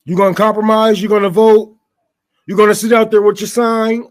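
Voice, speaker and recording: A man with a high voice rants straight to his audience. He fires off rhetorical questions, swears freely and stumbles over repeated words as he goes. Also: flat delivery, brisk. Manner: profane, stammering, rhetorical questions. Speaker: show host. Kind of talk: unscripted political rant.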